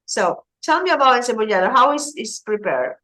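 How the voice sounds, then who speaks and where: A woman teaching an English lesson, slowly explaining words with glosses. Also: a little high, very animated, bright, forceful tone. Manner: slow, patient, explaining vocabulary with Spanish glosses.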